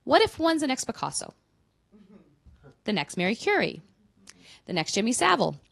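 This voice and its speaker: A woman in her thirties performing a stand-up comedy set, telling candid, self-mocking stories with quick punchlines. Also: fairly high pitch, wildly swooping pitch, gravelly, fairly bright tone. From Canada.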